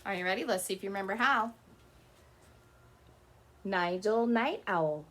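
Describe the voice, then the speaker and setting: A young woman teaching preschoolers letter sounds in a slow, sing-song circle-time lesson. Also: mid-range voice, a bit bright.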